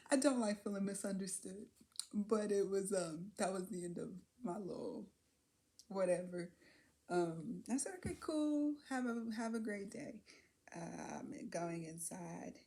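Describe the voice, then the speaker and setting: A woman vlogging, talking through a personal experience in a candid, musing way, often trailing off with fillers and soft laughs. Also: mid-range voice, animated, a little slow. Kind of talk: reflective personal vlog.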